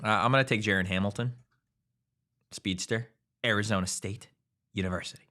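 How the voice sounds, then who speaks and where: A man's voice: lowish voice, fairly even intonation, brisk, bright, forceful tone. A man co-hosting a casual sports podcast, needling the others in a dry way. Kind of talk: casual chat.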